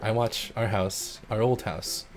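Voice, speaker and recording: A man's voice: on the low side, fairly even intonation, unhurried, soft background music. A man live-streaming a game, reading its text aloud and chatting in an awkward, self-deprecating way, tripping over his words. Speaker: let's play streamer.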